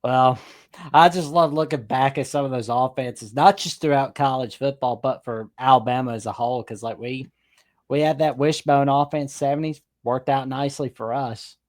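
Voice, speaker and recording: A man's voice: medium pitch, fairly even intonation, normal speed. A man co-hosting a casual sports chat, enthusiastic and rambling, with lots of "like" and "man". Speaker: podcast co-host.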